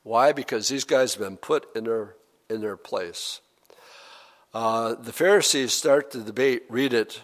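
A man preaching a sermon verse by verse, reading scripture aloud slowly and deliberately. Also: medium pitch. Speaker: pastor. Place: church hall. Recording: long hall reverb.

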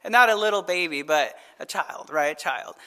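Male pastor with a high voice, easygoing midweek sermon, keeps checking in with the room. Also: animated, moderate pace, pushed and bright. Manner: conversational, asks the audience rhetorical questions; chuckles while telling stories. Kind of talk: midweek Bible-study sermon.

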